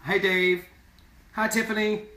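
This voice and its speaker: A man's voice: high-pitched, little pitch movement, measured pace, pushed and bright. A man singer in a casual live video chat, speaking earnestly and repeating words for emphasis. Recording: roomy sound from far off.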